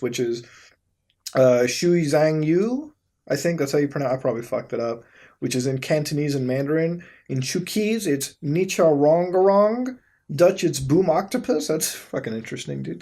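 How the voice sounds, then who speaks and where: A young man hosting a video, giving casual commentary as he browses websites, swearing, laughing and reacting in disbelief, swinging between mumbles and sudden loud outbursts. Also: fairly high pitch. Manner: profane, incredulous, laughs often. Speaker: YouTube host.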